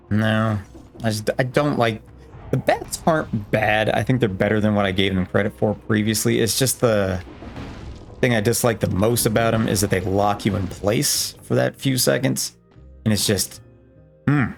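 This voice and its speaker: Low-voiced man rambling over gameplay. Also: moderate pace, vocal fry, soft background music. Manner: rambling, playful, self-joking asides. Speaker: let's play gamer. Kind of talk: casual gameplay commentary.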